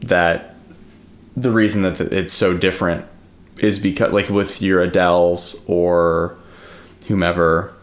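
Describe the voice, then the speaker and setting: A man's voice: sits low, flat delivery, a little slow. A man co-hosting a podcast in casual chat, rambling with lots of fillers and the odd swear. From United States. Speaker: podcast co-host.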